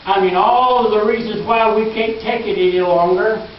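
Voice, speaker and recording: A male pastor preaching a sermon in a church, earnest and emphatic, dropping into quiet asides. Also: high voice, fairly even intonation, moderate pace, slight background noise. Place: church sanctuary. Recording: echoey hall, distant mic, dull lo-fi.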